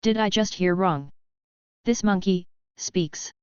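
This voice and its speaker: A woman voicing a playful, wise old male wizard headmaster, speaking slowly and in a teasing tone. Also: fairly low pitch, clear, resonant tone, no room sound. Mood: wry, gentle. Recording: dull, lo-fi, dry.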